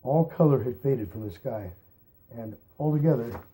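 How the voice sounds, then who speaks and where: Mellow-voiced man reading a novel aloud. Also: medium pitch, lively intonation. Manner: unhurried, re-reads stumbles aloud. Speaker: reader.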